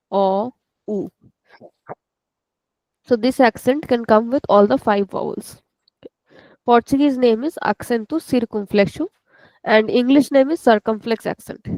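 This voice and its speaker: A patient woman teaching an online language lesson to students, repeating words slowly and explaining each sound. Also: a little high, a little mellow, dry recording, poor audio.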